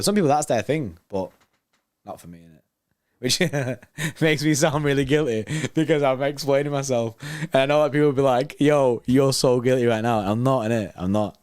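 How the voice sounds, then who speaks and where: A man's voice: medium pitch, dry recording. Young guy on a stream, reading chat and joking around, dry close mic. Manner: chatty and joking, reads out chat messages, laughs at himself. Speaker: watchalong host reading live chat. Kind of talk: casual livestream chat.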